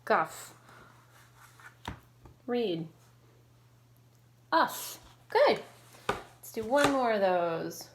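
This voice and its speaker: A woman teacher leading an online phonics lesson, modeling sounds clearly and slowly and praising her students. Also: mid-range voice, lively intonation. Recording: echoey room with faint noise.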